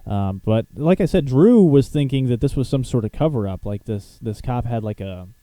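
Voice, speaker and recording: A man's voice: mid-range voice, animated, moderate pace, dark tone, dry recording. A young man hosting a casual podcast chat, rambling through topics and laughing often. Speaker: show host.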